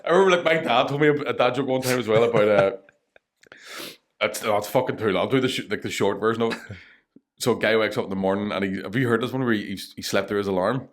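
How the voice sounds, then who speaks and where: A man's voice: fairly low pitch, fast. A man with a Northern Irish accent, a comedian telling long jokes in casual chat and swearing freely. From Northern Ireland. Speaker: comedian guest. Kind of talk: casual storytelling.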